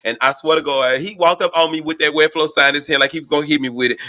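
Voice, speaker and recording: Bright-voiced, profane storytelling man. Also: on the high side, quick pace, no room sound. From Houston, Texas. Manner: profane, animated, gossipy storytelling. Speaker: host. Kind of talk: casual storytime commentary.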